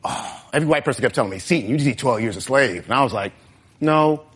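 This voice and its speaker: Animated stand-up comic working a crowd. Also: male voice, medium pitch, quick pace, breathy edge. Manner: animated, talks straight to the crowd. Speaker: stand-up comedian. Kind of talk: stand-up set. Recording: live show with crowd noise.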